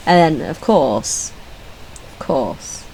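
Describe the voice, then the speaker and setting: A young British woman hosting a casual ranking video, talking in a scattered, swearing, laughing way and now and then breaking into squeaky voice stims. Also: sing-song, a little slow, darkish tone, poor audio. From Britain. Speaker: video host. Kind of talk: casual solo ranking chat.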